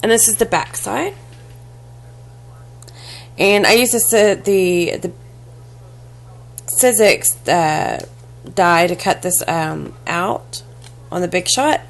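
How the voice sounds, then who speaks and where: A woman casually showing a handmade craft box and mini album to the camera, halting often with fillers and restarts and apologizing as she handles things. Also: fairly low pitch, vocal fry. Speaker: crafting vlogger. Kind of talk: casual show-and-tell craft demo.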